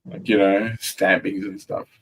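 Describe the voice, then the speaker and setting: In a relaxed, unhurried chat, a South African-accented man talks in a deep voice with a slightly bright tone and flat delivery. His speech is loose, slangy, and peppered with swearing.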